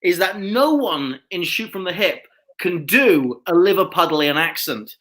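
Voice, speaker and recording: Brief: bright-voiced woman, upbeat improv host, chatty. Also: fairly low pitch, animated, unhurried. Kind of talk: improv comedy on a video call.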